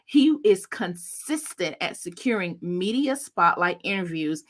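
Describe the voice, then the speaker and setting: A woman's voice: on the low side, lively intonation, moderate pace, sharp tone. A woman hosting a casual online livestream, introducing a guest with upbeat, effusive hype. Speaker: host and content coach.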